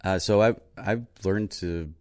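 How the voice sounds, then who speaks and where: An American man with a very low voice, telling stories in a loose, playful way. He jokes around and fills his talk with ums and restarts. He sounds like a co-host on a relaxed chat show. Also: measured pace. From United States. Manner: joking, playful, rambling with fillers. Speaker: podcast co-host, army veteran. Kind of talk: casual chat, storytelling.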